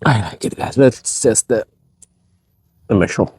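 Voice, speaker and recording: A man's voice: fairly low pitch, lively intonation, a little slow, a little mellow, slightly rough, dry recording. A man hosting a casual cooking vlog in his backyard by a wood fire, chatty and exclaiming at the spicy food. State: teary, runny nose from smoke and spice. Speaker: cooking vlogger.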